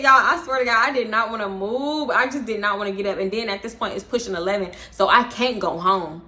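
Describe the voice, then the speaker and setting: A young woman vlogger casually telling a storytime, animated and slangy, swearing and laughing as she goes. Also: mid-range voice, brisk, few pauses.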